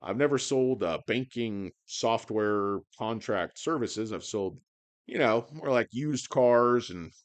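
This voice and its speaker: A man with a worn-out, hoarse voice, rambling and swearing through a stock-market video monologue, with sardonic asides and loud rants. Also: on the low side, takes it slowly. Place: indoors under bright lights.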